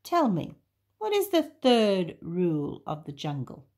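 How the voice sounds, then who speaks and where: Woman doing a wise storybook giraffe, gentle, teacherly, slow, soft breathy tone. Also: fairly low pitch, wildly swooping pitch, heavily acted.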